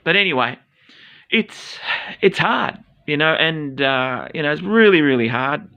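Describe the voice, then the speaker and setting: A man's voice: fairly high pitch, expressive, measured pace, smooth, lo-fi sound. A man in his forties with an Australian accent, talking casually to camera in a rambling, blunt, sweary way full of fillers. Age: 40s.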